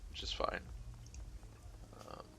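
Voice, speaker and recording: A man streams a game and reads its narration aloud at a slow pace, with background noise behind him. He keeps the reading steady and drops in casual asides between passages.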